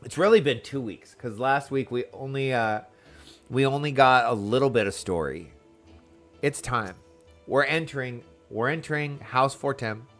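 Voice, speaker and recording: A man streaming a video game, chatting excitedly and answering his chat. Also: mid-range voice, moderate pace, soft background music. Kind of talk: casual live gameplay chat.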